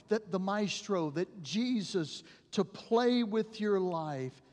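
A male pastor preaching a sermon, telling stories dramatically and dropping to a hush at the ends of phrases. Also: sits high. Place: church sanctuary. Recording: long church reverb.

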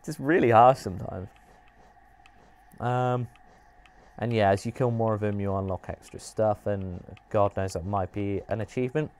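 A man hosting a live game stream, chatting and reacting with animated, laugh-prone commentary. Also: fairly low pitch, unhurried, long pauses. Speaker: streamer host.

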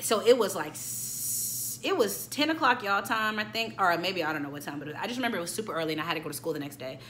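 A woman in her late twenties reviewing a film in a chatty, animated way, talking straight to her viewers. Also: mid-range voice, fast talker, slight background noise. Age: late 20s. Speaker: YouTube movie reviewer. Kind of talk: casual chat review.

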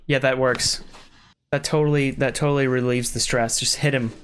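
A man's voice: medium pitch, fairly even intonation, moderate pace, a little hiss or hum. A man streaming, giving casual reaction commentary with frequent exclamations and laughter.

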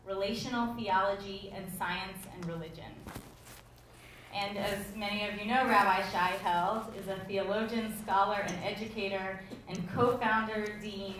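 A woman moderating a public lecture, formally introducing the speakers in a measured way. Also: mid-range voice, fairly bright tone, slight background noise. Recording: echoey hall from far off.

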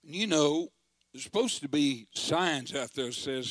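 An older man preaches a story-driven sermon in a folksy, dramatic manner that builds to forceful proclaiming. His voice sits a bit higher than most men's. The sound is dry and close, with little room echo. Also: lively intonation, a little slow. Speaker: pastor.

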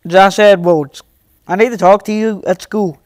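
A teenage boy talks to his livestream chat in a high, clear voice. He is casual and protective, and his temper flares quickly. The sound is dry and close. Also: fairly even intonation, darkish tone, no room sound.

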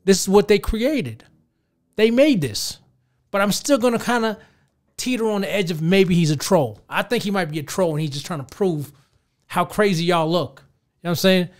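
Podcast host, man, thirties, high register, casual profane rant delivered straight to listeners. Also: animated, moderate pace. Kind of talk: casual ranting commentary.

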